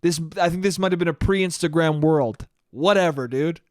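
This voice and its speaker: A man hosting a solo podcast, retelling a story in a casual, profane and animated way. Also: fairly high pitch, normal speed, no echo, clean studio sound. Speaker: podcast host.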